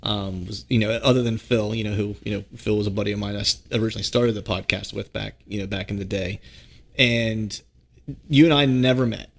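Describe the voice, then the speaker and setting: Laid-back gravelly male podcast host. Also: on the low side, steady tone, a little fast. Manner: easygoing, laughs often, restarts phrases. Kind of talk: casual podcast chat and read ads.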